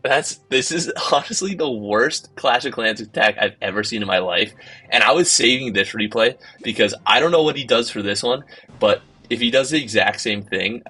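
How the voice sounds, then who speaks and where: A man's voice: fairly low pitch, bright, forceful tone, breathy edge, rough recording. A man hosting gameplay commentary, telling a story in a casual, exasperated way with lots of fillers. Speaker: game channel host.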